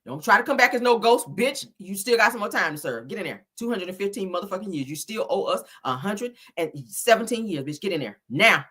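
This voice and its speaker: Woman doing a cursing, bossy judge; bright, husky, very animated swings. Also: mid-range voice, fairly quick, hardly any pauses. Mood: scolding. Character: profane stern judge scolding a ghost convict.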